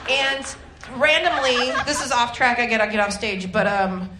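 Woman stand-up comic, slightly high voice, sarcastic and rambling, echoey club mic with room noise. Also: fairly even intonation, normal speed, over a noisy crowd. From Detroit area, Michigan. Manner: rambling, self-deprecating, sarcastic asides. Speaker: stand-up comedian. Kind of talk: stand-up comedy set. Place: comedy club stage.

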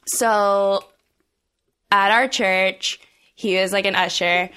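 A woman's voice: mid-range voice, steady tone, slow pace, bright, forceful tone, clear, resonant tone. A young woman telling a story in casual chat, giggling and full of fillers. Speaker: guest.

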